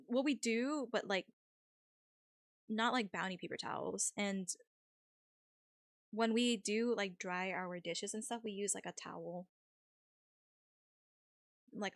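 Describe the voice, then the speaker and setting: A woman's voice: mid-range voice, no echo, studio quality. A young woman streamer chatting casually with her viewers, rambling with lots of fillers and frequent laughs.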